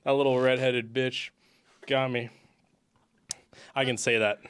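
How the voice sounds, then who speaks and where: A man's voice: medium pitch, flat delivery, measured pace, fairly bright tone, smooth. A man from the US Pacific Northwest hosting a casual comedy podcast, swearing and teasing his guests. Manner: profane, joking, teasing. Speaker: podcast host.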